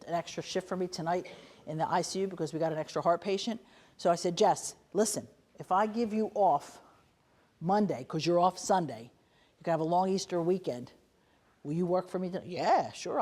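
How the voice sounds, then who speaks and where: Brief: older woman lecturer, lowish voice, anecdotal and conversational with students. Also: darkish tone. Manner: chatty, anecdotal, quotes people in quick asides. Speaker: nursing leader giving a guest lecture. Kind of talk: lively storytelling lecture to students.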